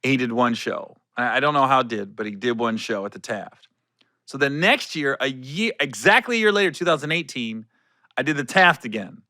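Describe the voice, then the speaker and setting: A middle-aged man hosting a solo podcast, telling a backstage story in a loose, animated way and acting out the people in it with a curse here and there. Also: medium pitch, normal speed, dry recording, studio quality. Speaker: podcast host.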